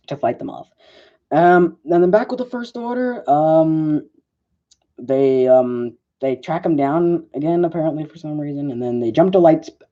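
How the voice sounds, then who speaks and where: With a mellow voice on the higher side, this man gives an offhand movie review. He meanders, uses "like" and fillers constantly, and keeps correcting himself, all on a muffled lo-fi recording.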